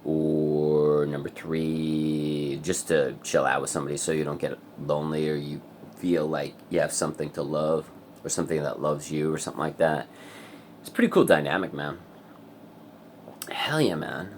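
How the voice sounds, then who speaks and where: A man's voice: rumbling low, fairly even intonation, moderate pace, a little mellow, slight background noise. A man vlogging in a casual ramble, restless and wired, swearing a lot and laughing often. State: hyped up and full of energy.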